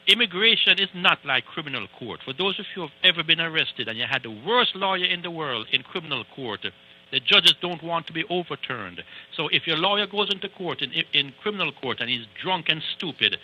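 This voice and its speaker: A man's voice: on the high side, animated, fairly quick, bright, forceful tone, muffled recording. A man who is an immigration attorney, giving emphatic, lecturing advice on a call-in radio show and repeating points for stress.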